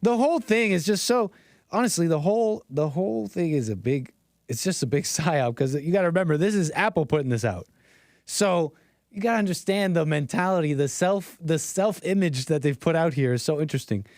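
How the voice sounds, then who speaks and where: A man's voice: on the high side, expressive, a little fast, darkish tone, dry recording, clean studio sound. A man hosting a casual commentary stream with call-ins, rambling and sarcastic, with chuckling asides. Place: home streaming setup.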